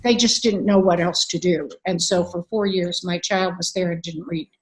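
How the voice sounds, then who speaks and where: A woman's voice: on the low side, steady tone, moderate pace, poor audio. Older woman guest, advocate and author; earnest, candid storyteller, fillers throughout. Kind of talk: conversational interview storytelling.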